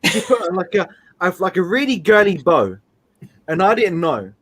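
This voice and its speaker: A man hosting a live stream, telling rambling, animated stories with frequent laughs. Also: high voice, moderate pace. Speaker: streamer host. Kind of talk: casual live-stream chat.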